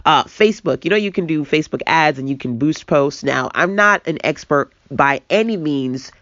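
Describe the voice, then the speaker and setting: A woman coaching entrepreneurs in a casual online talk, animated and self-mocking, speaking straight to her viewers. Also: low voice, normal speed, no echo, highs cut off. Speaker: business coach. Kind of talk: casual webinar teaching.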